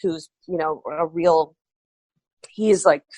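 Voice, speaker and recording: A woman's voice: sits low, slow pace, warm tone, dry recording. A woman guest on a podcast, telling a story animatedly and acting out quoted dialogue. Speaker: guest artist.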